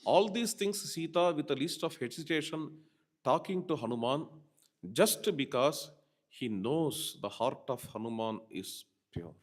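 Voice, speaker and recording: A man's voice: fairly high pitch, lively intonation, measured pace. A man giving a devotional scripture discourse as a spiritual teacher, repeating key phrases for emphasis and quoting verses.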